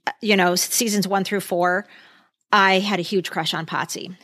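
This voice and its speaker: A woman's voice: mid-range voice, fairly even intonation, moderate pace, sharp tone, dry recording, clean studio sound. A woman co-hosting a podcast, sharing candid opinions in a casual, giggly way. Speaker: podcast co-host. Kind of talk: casual chat.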